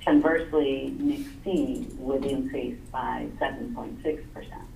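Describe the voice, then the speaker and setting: Gravelly woman presenting, far from mic. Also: very deep voice, fairly even intonation, dark tone. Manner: measured, explanatory, many "um" and "uh" fillers. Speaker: investment consultant presenting to a retirement board. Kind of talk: explanatory presentation at a public board meeting. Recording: echoey meeting room, distant mic, faint noise.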